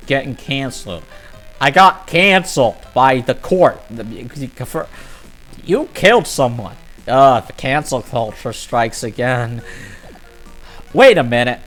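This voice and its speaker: A let's-play gamer giving casual, joking commentary over a video game, dropping crude asides. The voice moves around a lot in pitch. Faint game music plays underneath. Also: lively intonation, unhurried, a bit bright, rough recording.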